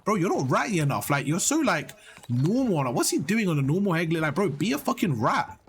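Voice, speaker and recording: A young man giving blunt, animated coaching on gameplay, swearing freely as he explains. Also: a little high, a little fast, a little hiss or hum. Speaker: gaming coach. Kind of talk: casual coaching over gameplay.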